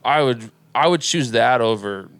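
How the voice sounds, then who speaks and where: A man's voice: mid-range voice, lively intonation, normal speed, a bit bright, no echo. A young man co-hosting a casual podcast, talking loosely and rambling, with the odd swear word. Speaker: podcast co-host. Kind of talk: casual chat.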